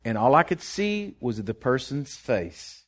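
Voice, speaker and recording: A man preaching a sermon, impassioned, rising loud then dropping soft, often restarting his words. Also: mid-range voice, sing-song, unhurried.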